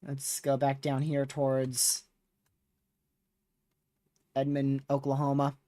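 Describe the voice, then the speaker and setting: A man hosts a live severe-weather stream, chatting casually with viewers while reading radar as his voice begins to wear out. He speaks slowly in a medium-pitched, monotone, mellow voice with no echo.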